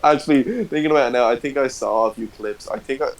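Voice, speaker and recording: Animated laughing man chatting. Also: medium pitch, fast, poor audio. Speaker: podcast co-host. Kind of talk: casual chat.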